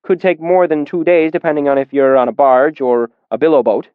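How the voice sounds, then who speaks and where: A man's voice: fairly quick, clean tone, no room sound, natural voice. Brusque innkeeper woman, put on by a man. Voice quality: high, sharp and impatient. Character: brusque, snippy female innkeeper. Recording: dull, dry lo-fi audio.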